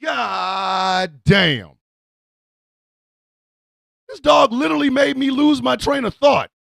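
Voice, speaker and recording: A man hosting a radio show, ranting loudly in a comic, excitable way, yelling and cursing. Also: very high voice, slow pace, gravelly, no echo. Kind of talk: loud comic rant.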